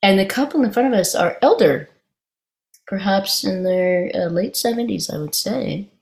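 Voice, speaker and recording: A woman giving an informal meditation talk, telling a story in a halting, conversational way with frequent restarts. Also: mid-range voice, lively intonation, creaky, a little mellow. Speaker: meditation teacher.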